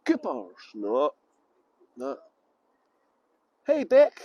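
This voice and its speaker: A man's voice: fairly high pitch, wildly swooping pitch, extremely slow, no room sound, dull audio. A middle-aged tour guide chatting casually on a livestream outdoors in a busy city, joking and rambling as he greets viewers by name into a handheld phone.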